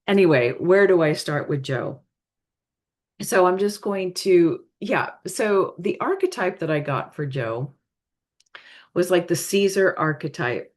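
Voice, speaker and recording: A woman's voice: lowish voice, animated. A woman giving a spiritual reading in a casual, hesitant way, apologizing often, her voice tired and straining. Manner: hesitant, apologetic, halting with many fillers. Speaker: spiritual reader.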